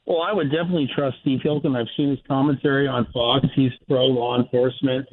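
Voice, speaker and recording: A man's voice: medium pitch, steady tone, fast talker. Heated male caller on a phone line. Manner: heated and rambling. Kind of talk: call-in opinion.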